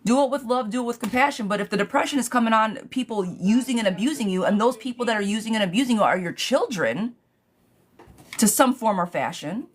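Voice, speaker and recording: A woman gives a live tarot reading, calling out blunt, profane, animated advice to her viewers and saying "girl" often. Her voice is a little high and brisk.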